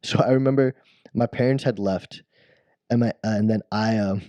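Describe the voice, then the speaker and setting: A man with a low, mellow voice tells a long, rambling childhood story in casual podcast chat. He restarts his sentences often and laughs at his own tale. The recording is close and dry. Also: moderate pace, no echo, muffled recording. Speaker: podcast co-host.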